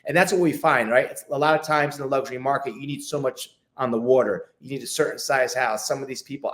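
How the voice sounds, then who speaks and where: A man's voice: medium pitch, quick pace, hardly any pauses, fairly bright tone. A man, a real estate agent, talking casually as a podcast guest and acting out his calls with clients. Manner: chatty, acts out phone calls with clients, many restarts. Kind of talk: casual interview talk.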